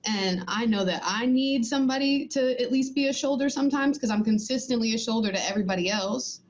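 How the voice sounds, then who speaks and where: A woman's voice: fairly high pitch, fairly quick. Reflective woman on muffled call audio. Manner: reflective, conversational. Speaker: panelist. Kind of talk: panel discussion.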